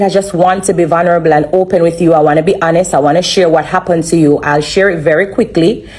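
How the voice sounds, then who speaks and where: A woman giving an earnest, halting personal testimony on a live stream, often repeating herself. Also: on the low side, a little mellow. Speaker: livestreamer sharing a testimony.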